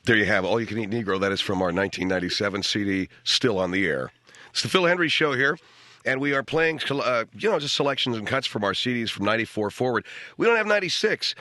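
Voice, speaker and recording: A man's voice: fairly low pitch, bright, forceful tone, no echo. A man hosting a radio comedy show from a studio, chatting casually in a wry, self-deprecating way. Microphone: studio microphone.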